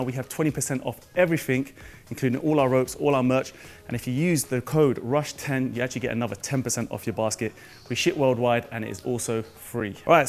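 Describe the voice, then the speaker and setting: Young man, hype fitness tutor, slightly winded, mid-range voice. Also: mid-range voice. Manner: upbeat, hyped, addresses viewers as guys. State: a little out of breath. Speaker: jump rope coach.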